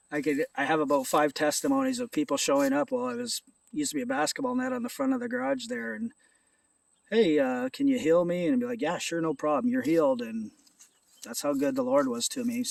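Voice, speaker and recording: Gravelly man, earnest rambling testimony. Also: fairly high pitch, brisk, no room sound, distant mic. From Ontario, Canada. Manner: earnest, rambling, repeats words. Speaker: believer sharing a testimony. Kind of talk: casual spoken testimony. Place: outdoors at a rural house. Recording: voice off from the mic.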